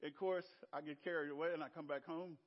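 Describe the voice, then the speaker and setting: An older man with a Southern American accent preaching a sermon, telling stories with laughter and big swings between loud and soft. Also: on the high side, fairly even intonation, fast talker, lo-fi sound. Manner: storytelling with laughter and sweeping shifts in loudness. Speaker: pastor.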